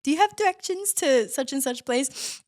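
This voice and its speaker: A woman's voice: sits high, animated, normal speed, darkish tone, no room sound, studio quality. A woman voicing a polite, oblivious snail in a comedy retelling. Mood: breezy.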